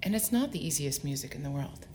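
A woman opera soprano speaking in a strikingly low, deep register for a woman. She talks in an onstage interview in front of an audience, articulate and expressive as she explains her craft at length. A faint hiss sits under her voice. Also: fast.

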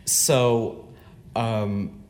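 A man interviewing a singer onstage in front of an audience, asking measured, probing questions. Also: mid-range voice, fairly even intonation, a little mellow.

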